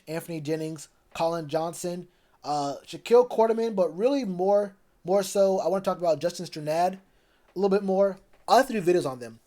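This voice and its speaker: A man's voice: on the high side, dark tone. A man chatting loosely on a live stream about football, rambling with plenty of fillers. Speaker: sports streamer. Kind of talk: casual live stream chat.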